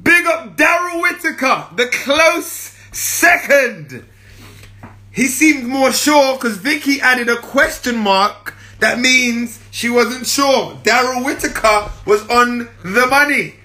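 A man hosting a casual livestream, playful, laughing often and stretching out shouted catchphrases. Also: very high-pitched, animated, slow, echoey room. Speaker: livestream host.

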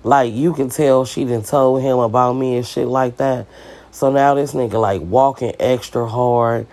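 Gravelly man telling a casual story. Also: medium pitch, fairly even intonation, measured pace, darkish tone. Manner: loose, profane, slangy retelling with quoted dialogue.

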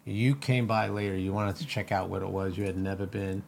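Very deep, gravelly-voiced man. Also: steady tone, a little fast, darkish tone, slight background noise. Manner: blunt, swearing storyteller who drops his voice low. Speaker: podcast co-host. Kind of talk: casual chat.

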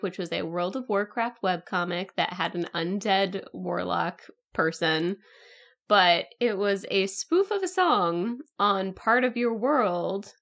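A woman co-hosting a casual podcast, going off on animated, rambling tangents and laughing often. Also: mid-range voice. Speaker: co-host.

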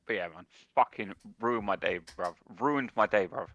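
A man's voice: on the low side, normal speed, creaky. Ranting young man swearing hard. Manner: animated ranting, heavy swearing, repeats "mate" and "bruv". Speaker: podcast co-host. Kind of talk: casual chat. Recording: dull dry recording.

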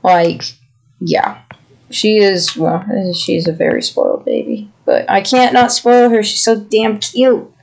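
A man's voice: high-pitched, fairly even intonation, slow pace, vocal fry. A man co-hosting a podcast, chatting casually and rambling affectionately. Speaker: podcast co-host. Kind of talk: casual chat.

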